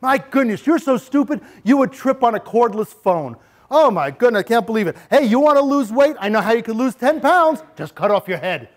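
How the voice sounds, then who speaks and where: A man's voice: very high-pitched, expressive, fairly quick. A man acting out a school bully who mocks and insults with sneering put-downs. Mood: mocking.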